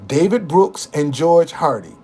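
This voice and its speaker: An older man with a somewhat high voice tells a story from his past in a loose, casual way. He swears freely and gets animated. He stumbles into restarts and repeats words as he goes. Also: unhurried, husky.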